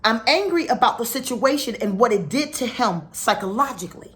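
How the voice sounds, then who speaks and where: A middle-aged woman speaks to her spiritual followers with a lively, swooping voice. She tells stories with feeling and often drops to a hushed, near-whispered tone when the point gets heavy. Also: a little high, a little fast. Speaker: spiritual teacher.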